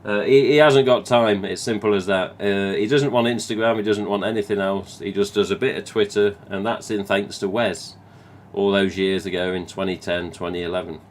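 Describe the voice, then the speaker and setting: A man's voice: fairly low pitch, steady tone, normal speed, few pauses, a little hiss or hum. A man with an English Midlands accent hosting a live stream, chatting casually and reading viewer comments, rambling and swearing now and then. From England.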